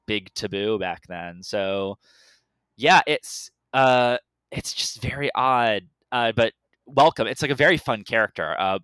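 A man's voice: fairly low pitch, a little slow, a bit bright, smooth, no room sound. A man co-hosting a podcast in casual chat, rambling and restarting his sentences. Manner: rambling, many fillers and restarts. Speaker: podcast co-host.

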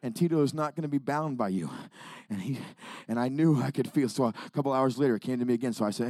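A male evangelist preaching a sermon, moving from hushed storytelling to shouted exhortation. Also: medium pitch, racing, hardly any pauses, no echo, studio quality.

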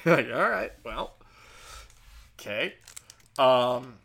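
A man giving a casual, profane and sarcastic movie review, mocking the characters with quick impressions. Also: medium pitch, expressive, gravelly, a bit bright. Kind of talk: casual rant.

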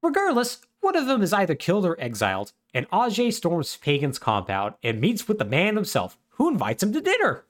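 A man's voice: high-pitched, huge pitch swings, brisk, hardly any pauses. A man co-hosting a podcast, casually retelling a story with wry humor and lots of fillers. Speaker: podcast co-host. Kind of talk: casual chat recapping a video game plot.

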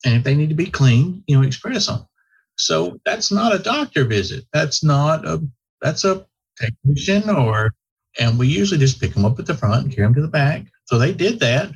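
Man, vet clinic owner, rambling storyteller, husky tone. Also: on the high side, big pitch swings, moderate pace. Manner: folksy, rambling, with many restarts. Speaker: veterinary practice owner, podcast guest. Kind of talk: casual storytelling chat. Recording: slightly muffled lo-fi audio.

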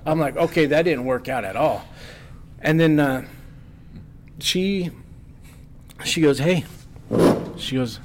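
Rowdy storyteller man, a touch high. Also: slow pace, long pauses, background noise. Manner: animated, swearing, acts out voices of others in his story. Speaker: podcast guest. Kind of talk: casual storytelling.

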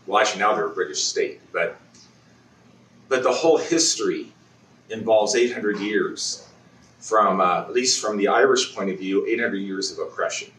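A man delivering a conversational sermon in a church, often restarting his sentences and clearing his throat. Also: lowish voice, a bit bright, echoey room, distant mic, slight background noise, poor audio. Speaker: preacher. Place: church sanctuary.

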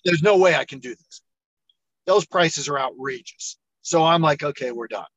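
A middle-aged man spins a long story as an interview guest, jumping into the voices of the people he quotes. His voice sits a bit high for a man, and the sound is dry and close, with no room around it. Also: moderate pace, no echo, muffled recording. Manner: animated storyteller, acts out quoted dialogue. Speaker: entrepreneur guest.

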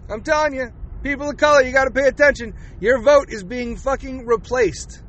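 A podcast host delivering a fired-up, profane and sarcastic political rant. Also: male voice, very high voice, brisk, a bit bright.

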